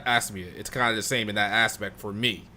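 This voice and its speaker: A man's voice: lowish voice, fairly even intonation, a little fast, pushed and bright, a little hiss or hum. A man hosting a podcast, casually teasing his guests into talking. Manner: teasing, playful. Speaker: podcast host. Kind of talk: casual chat.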